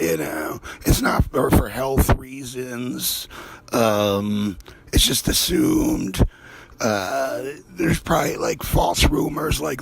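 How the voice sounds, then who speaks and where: A man's voice: medium pitch, very animated, takes it slowly, gravelly, breathy edge, no room sound. A man hosting a show, rambling through a profane, conspiratorial comedic monologue. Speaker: host.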